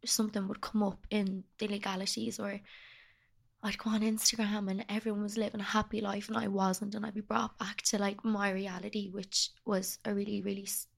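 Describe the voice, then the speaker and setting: A young woman talks as a guest in a candid conversation, her voice soft, emotional and halting. She speaks in a flat, even tone with a gravelly edge. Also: medium pitch.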